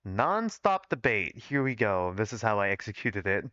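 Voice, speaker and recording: A man's voice: lowish voice, a little fast, fairly bright tone, smooth, no echo. A young man on a livestream reading his old fan fiction aloud, cursing, stumbling and teasing himself between lines. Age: young adult. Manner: self-mocking, swears, stumbles and laughs at his old writing. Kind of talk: casual livestream reading with self-commentary. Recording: dull, dry livestream audio.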